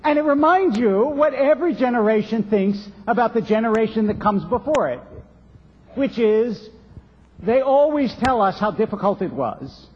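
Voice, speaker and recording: A rabbi delivers a sermon in a synagogue sanctuary, telling stories in a measured way and posing rhetorical questions. His voice is high with a breathy edge, and the dull lo-fi recording echoes in the reverberant room.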